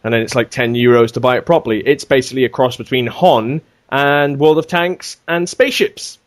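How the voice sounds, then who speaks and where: A man telling a gaming story on a casual podcast, animated and swearing freely. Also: mid-range voice, brisk. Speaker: podcast regular.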